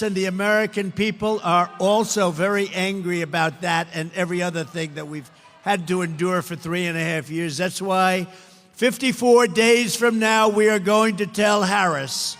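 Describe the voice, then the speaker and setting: An older man delivers a campaign rally speech in a high, bright voice. He repeats himself for emphasis and pushes some lines up to a shout. His voice rings through a large echoey hall over faint ambient noise. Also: fairly even intonation, normal speed, faint music behind. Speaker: political speaker at a rally. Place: large indoor rally venue.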